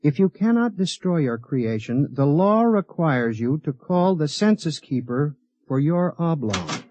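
An actor playing a hapless young lawyer who hesitates and gets flustered, in a muffled vintage radio drama recording. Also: male voice, on the high side, very animated, measured pace, a little mellow, dry recording. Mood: reading. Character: hapless young male lawyer, nervous and eager. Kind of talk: 1950s radio drama acting.

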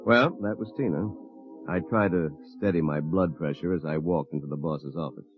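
Wry lawyer narrator, deep low voice, muffled old radio, soft music underneath. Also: male voice, normal speed. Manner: wry, dry storytelling. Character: wry young male lawyer telling his story. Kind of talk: 1950s radio drama narration. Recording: muffled vintage radio recording with faint music.

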